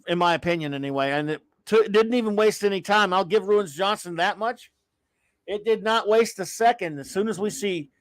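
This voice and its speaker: On a laid-back live-stream show, the middle-aged male host rants in a high voice, sighing in exasperation, restarting his rambling thoughts and letting comments trail away. The sound is dry, with no echo.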